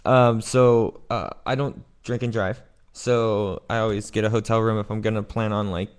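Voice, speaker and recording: An easygoing man with a lower voice co-hosts a live studio show. He chats casually and tells his story at an unhurried pace. He comes across as agreeable. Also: level tone, clean tone. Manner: easygoing, agreeable, laughs along. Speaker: co-host. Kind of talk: casual chat. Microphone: studio mic.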